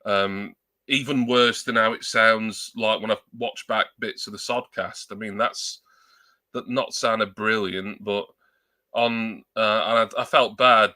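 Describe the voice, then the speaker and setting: Casual streamer, low-ish bright voice, self-mocking and rambling, dry close mic at home. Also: male voice, steady tone, measured pace, no room sound. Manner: rambling, self-deprecating, joking. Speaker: live streamer. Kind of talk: casual live-stream chat. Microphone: new external desk mic.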